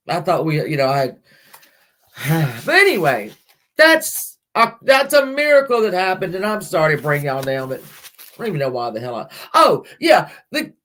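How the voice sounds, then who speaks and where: A woman's voice: deep voice, fairly bright tone. A middle-aged woman hosting a livestream, chatting casually with viewers in a rambling way, laughing often and swearing lightly. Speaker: livestream host.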